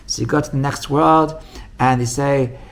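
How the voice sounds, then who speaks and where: Male rabbi, gravelly tone, energetic storyteller, many restarts, acts out quotes. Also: normal speed. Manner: animated storytelling, acts out quoted voices with big pitch jumps; many restarts and repeated words. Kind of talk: storytelling Torah class.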